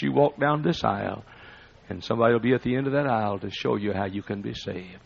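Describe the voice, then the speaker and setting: A man's voice: mid-range voice, fairly quick, gravelly, lo-fi sound. A man preaching a Baptist sermon in a church, telling a story with dramatic passion and then calling listeners forward. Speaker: Baptist pastor. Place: church sanctuary.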